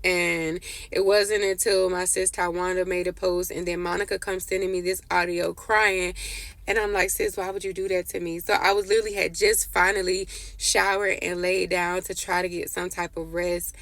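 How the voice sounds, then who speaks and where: Woman vlogger, gravelly and flat-toned, rambling and tired, talking to followers like friends. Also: lowish voice, normal speed, dry recording. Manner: rambling, heartfelt, addresses viewers as y'all. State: tearful and worn out. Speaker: vlogger giving a personal update. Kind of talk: casual chat to followers.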